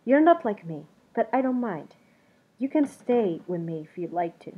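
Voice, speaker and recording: A woman's voice: medium pitch, very animated, moderate pace, husky. A woman doing a lonely odd storybook creature. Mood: pleading. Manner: polite and hesitant. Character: lonely odd creature, wary then kind. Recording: dull muffled recording.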